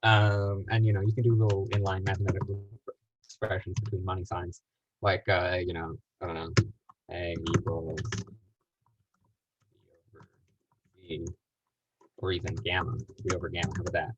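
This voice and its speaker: A man's voice: sits low, little pitch movement, normal speed, long pauses. A man leading a casual live tutorial, rambling and self-deprecating, with lots of fillers, heard over a video call. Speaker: workshop instructor. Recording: dull lo-fi call audio with faint noise.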